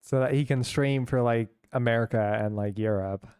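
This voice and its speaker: A man's voice: mid-range voice, moderate pace, darkish tone, smooth, dry recording, studio quality. A young man from San Francisco chatting casually with his chat while streaming a game, rambling and laughing along.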